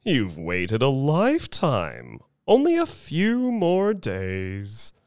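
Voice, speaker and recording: A man voicing a smooth-talking, oily male showman in an audio story, coaxing in a soothing salesman's patter. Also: medium pitch, wildly swooping pitch, very slow, darkish tone, no echo, clean studio sound, exaggerated voice.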